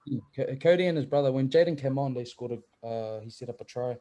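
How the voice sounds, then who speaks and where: Laid-back young Kiwi man, mellow tone. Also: mid-range voice, quick pace. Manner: laid-back, swears freely, laughs through stories. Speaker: rugby league player, guest. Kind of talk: casual chat, storytelling.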